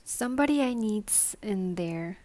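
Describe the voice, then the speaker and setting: An earnest young boy, as a woman reader puts him on, speaking quietly and slowly. The voice is lowered and soft. The recording is close and dry. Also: expressive, no room sound, natural voice. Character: earnest young boy searching for his toy. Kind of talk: bedtime story reading.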